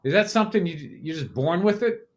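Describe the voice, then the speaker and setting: A man's voice: sits high, animated, a little fast. A man hosting a podcast, chatting casually and asking curious questions, swearing now and then. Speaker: podcast host. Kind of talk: casual chat.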